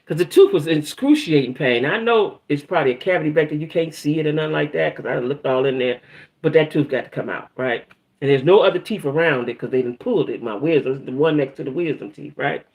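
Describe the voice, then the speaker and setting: A woman hosting a casual live chat, talking straight to her viewers, often checking in with them and swearing freely as she tells her news. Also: low voice. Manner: chatty, keeps checking in with "right?" and "y'all"; frequent restarts and stumbles. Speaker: livestream host.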